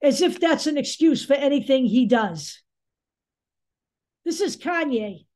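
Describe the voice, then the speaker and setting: A woman with a high voice delivers a political commentary monologue. She sounds angry and sarcastic, and she speaks bluntly and sometimes swears. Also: expressive, a little slow, a little mellow.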